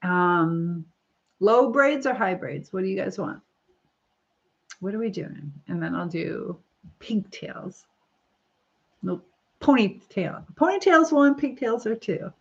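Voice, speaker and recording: This livestream host is a middle-aged woman doing her hair as she reads out viewer comments, chatting loosely and laughing a lot. She speaks slowly with a medium-pitched, animated, creaky voice and frequent pauses, and the lo-fi recording is slightly dull.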